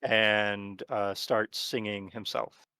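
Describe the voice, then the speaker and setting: A man narrating as game master of a tabletop horror game, talking in a relaxed, rambling way with lots of fillers. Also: lowish voice, slow pace, clear, resonant tone, dry recording.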